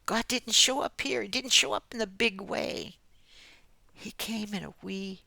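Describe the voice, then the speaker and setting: Older woman, Christian speaker. Very gravelly, bright tone, slow, earnest delivery with whispered asides. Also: mid-range voice, dry recording. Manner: gentle, often drops to a whisper; earnest, with soft laughs. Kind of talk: devotional message.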